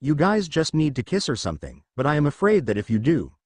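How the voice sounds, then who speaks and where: A man's voice: fairly high pitch, huge pitch swings, quick pace, a little mellow, dry recording. A man reading a snippy teen vampire girl. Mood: exasperated. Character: snippy blonde teenage female vampire.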